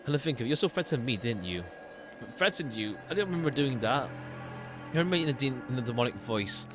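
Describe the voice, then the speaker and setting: Male streamer, reads game lines aloud, expressive, mid pitch. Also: quick pace, music in the background. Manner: animated, switching between characters. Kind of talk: reading game dialogue aloud.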